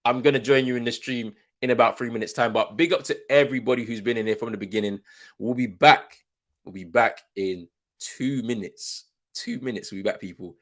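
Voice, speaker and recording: A man hosting a live football watchalong stream, chatting casually, calling the match and answering viewers' comments. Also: mid-range voice.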